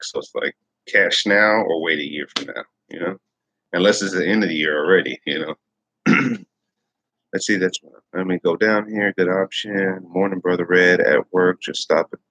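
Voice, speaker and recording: A man's voice: low voice, a bit bright, slightly rough, no echo, low-quality recording. A man hosting a casual livestream, rambling and repeating himself as he reads viewer comments aloud. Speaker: livestream host.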